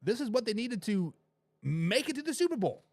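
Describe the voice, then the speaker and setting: Animated, high-voiced male sports host. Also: normal speed, no echo. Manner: animated, rambling, swings between loud and low; addresses viewers directly. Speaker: sports talk show host. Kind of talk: casual sports talk with live chat.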